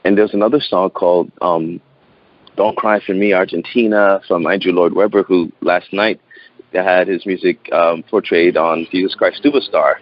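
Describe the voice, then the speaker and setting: A man in his thirties, a guest in an interview, telling a personal story outdoors in an earnest, halting way, often repeating words and laughing. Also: deep voice, steady tone, no room sound, dull audio. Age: 30s.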